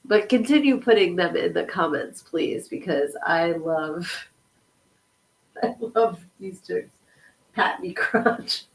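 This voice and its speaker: A woman's voice: lowish voice, slow, gravelly, low-quality recording. A woman hosting a casual livestream podcast, giggling as she reads corny jokes from the chat. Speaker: podcast host.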